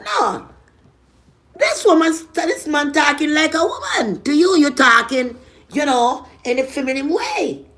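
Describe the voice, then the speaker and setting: A woman with a Jamaican accent tells a personal story to her viewers in casual vlog style. Her voice sits a little high for a woman. She talks bluntly with heavy swearing and swings between loud, punchy moments and quiet asides. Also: normal speed. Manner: animated, blunt and profane, swings loud and soft. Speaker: vlogger.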